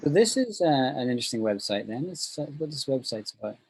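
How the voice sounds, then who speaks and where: A man teaching an online English class, upbeat and thinking out loud as he explains. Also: mid-range voice, sing-song, brisk, slight background noise, low-quality recording.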